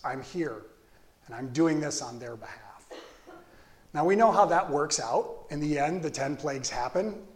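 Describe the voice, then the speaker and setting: A male pastor preaching a sermon in a casual, joking storytelling way. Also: fairly high pitch.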